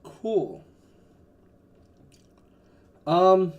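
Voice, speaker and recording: A man's voice: high voice, big pitch swings, drawn-out words, highs cut off. A man running a tabletop game as game master, narrating casually with lots of fillers and swearing. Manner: rambling, filler-heavy, casual cursing.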